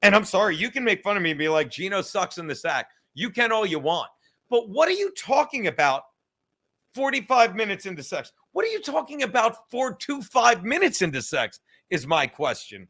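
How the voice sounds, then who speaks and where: Host, male, high bright voice, profane rambling livestream chatter, self-mocking. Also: very animated, normal speed. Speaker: podcast host reading live chat. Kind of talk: casual crude livestream chat.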